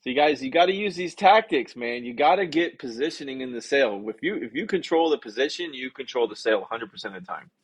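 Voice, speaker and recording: A man teaching sales negotiation on a live stream in an energetic, casual way, often checking in with "okay?" and reading viewer comments aloud. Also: mid-range voice, fast, hardly any pauses, husky. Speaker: sales coach.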